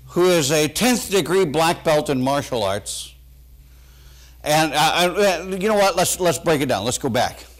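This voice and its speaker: Animated preacher, lively pitch. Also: male voice. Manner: animated preaching, swinging from loud bursts to quiet asides; folksy, talks straight to the congregation. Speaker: pastor. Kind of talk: sermon.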